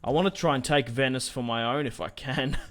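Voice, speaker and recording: A man's voice: mid-range voice, a little fast, fairly bright tone. A young man giving casual, rambling commentary on a strategy game, thinking aloud with fillers. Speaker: gaming YouTuber.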